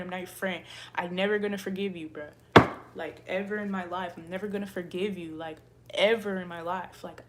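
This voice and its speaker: Wściekła kobieta przeklinająca do widzów. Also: female voice, medium pitch, a little hiss or hum. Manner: angry, profane, repetitive, laughing. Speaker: tarot reader. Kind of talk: ranting to livestream viewers.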